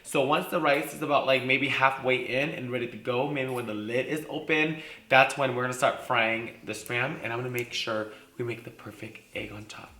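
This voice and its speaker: A man talks his way through a cooking vlog on camera in his home kitchen, sassy and profane, constantly saying "like" and "literally." His medium-pitched voice is bright and forceful with a steady tone and normal speed. The room is echoey.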